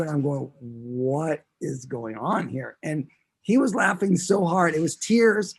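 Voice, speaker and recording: A man in casual conversation, telling stories in an earnest, relaxed and reflective way. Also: high-pitched, gravelly, breathy edge. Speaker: guest musician. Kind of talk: casual chat.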